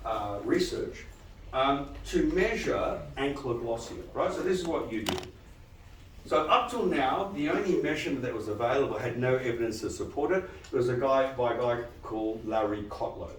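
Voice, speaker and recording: Animated man lecturing in an echoey hall. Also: medium pitch, normal speed, far from the mic, a little hiss or hum. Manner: animated, quizzing the audience, frequent "right?". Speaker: dental lecturer. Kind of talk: live lecture to dentists. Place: lecture room with audience.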